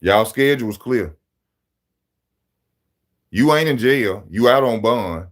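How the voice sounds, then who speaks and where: A man hosting a live boxing channel stream, talking straight to his viewers in loud street-style banter, mocking and teasing. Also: mid-range voice, animated, slow.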